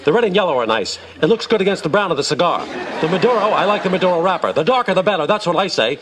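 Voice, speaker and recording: A man voicing a blustery, rambling big male team owner in a sitcom clip, booming and easily sidetracked. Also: animated, racing, a crowd in the background. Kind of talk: sitcom impression. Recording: sitcom clip with laugh track and noise.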